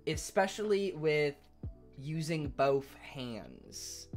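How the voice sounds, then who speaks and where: A man's voice: a little high, expressive, extremely slow. A male streamer chatting casually and rambling while reading chat, swearing offhandedly and laughing easily. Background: faint piano playing.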